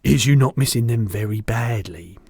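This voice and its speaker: A man voicing a huge, kindly, soft-hearted old male giant in a storybook reading, speaking slowly and loudly in mangled grammar. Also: mid-range voice, creaky, breathy edge, no echo. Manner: mangled grammar, slow and loud.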